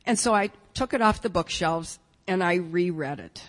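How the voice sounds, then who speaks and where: A woman's voice: fairly low pitch, lively intonation, normal speed. An older woman telling a humorous, self-mocking personal story to an audience, with wry asides. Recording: long reverberant hall.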